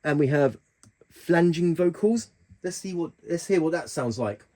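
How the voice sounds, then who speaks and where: A man's voice: on the high side, lively intonation, unhurried, mellow. A man hosting a keyboard tutorial, talking casually through the settings with plenty of fillers and restarts. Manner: chatty, hesitant with fillers and restarts.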